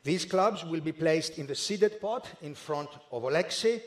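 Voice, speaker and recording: A man with a somewhat high voice presents a live draw ceremony indoors. He talks in a formal, methodical way and pauses now and then with a small hesitation. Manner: measured and methodical, with occasional hesitations.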